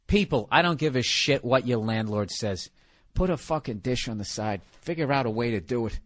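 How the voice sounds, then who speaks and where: A man's voice: mid-range voice, expressive, normal speed, a bit bright. A middle-aged man hosting a podcast, rambling through a comic monologue in a profane, sarcastic, ranting way. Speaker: podcast host.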